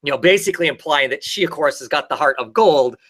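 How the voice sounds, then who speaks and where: A man's voice: on the high side, animated, fast talker, fairly bright tone. A man in a casual chat, rambling through a comic story with lots of fillers and restarts. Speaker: podcast co-host.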